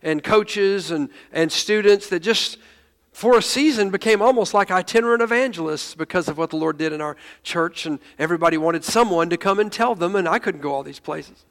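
Male pastor, high voice, animated storytelling sermon, long hall echo. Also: fairly quick. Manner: animated, laughing storyteller with stumbling restarts.

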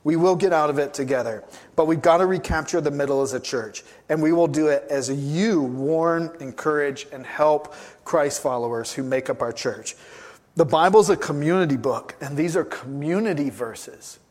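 A man's voice: on the high side, moderate pace, darkish tone. A man pastor preaching a sermon, emphatic and given to repeating his key phrases.

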